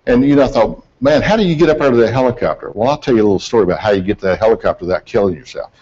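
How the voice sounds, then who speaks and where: A middle-aged man tells an audience about an accident investigation in a relaxed, folksy, self-deprecating way. His voice sits low, and the recording is dull and lo-fi. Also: very fast, slightly rough. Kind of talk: presentation to an audience.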